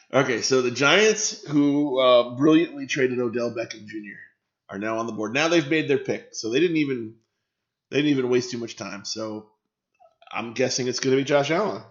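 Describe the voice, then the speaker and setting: Man, live stream host, casual chat, swears freely, mid-pitched voice, muffled audio. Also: moderate pace, pauses often. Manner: chatty, reacting to viewer comments, swears freely.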